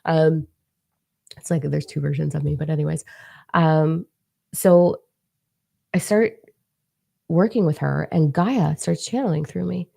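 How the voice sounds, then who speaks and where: A young woman telling a story in a chatty, animated way, with casual swearing, as a spiritual teacher and author in a vlog. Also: deep voice, unhurried, vocal fry, long pauses, husky, no echo, studio quality.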